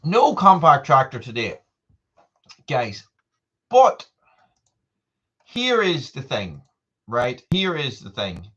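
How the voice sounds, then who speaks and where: A man's voice: medium pitch, sing-song, slow pace, bright, forceful tone, husky. Guy rambling on his live stream, saying hi to viewers, dull lo-fi audio. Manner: rambling, chatty, greets viewers by name. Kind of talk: casual live stream chat.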